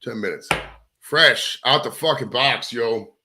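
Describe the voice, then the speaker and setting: A man's voice: medium pitch, a little slow, noisy background. A man hosting a live stream, chatting casually in a crude, rambling, profane way. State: out of breath. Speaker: livestream host.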